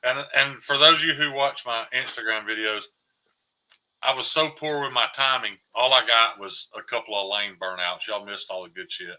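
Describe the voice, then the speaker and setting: Bright-voiced joking man. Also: medium pitch, normal speed, low-quality recording. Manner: joking, deadpan irony. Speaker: podcast guest. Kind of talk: casual chat.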